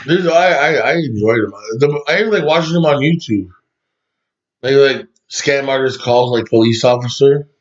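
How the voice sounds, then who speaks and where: A man's voice: mid-range voice, normal speed. A man co-hosting a podcast in casual chat, laughing often and restarting his sentences. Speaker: podcast co-host. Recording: dull lo-fi sound.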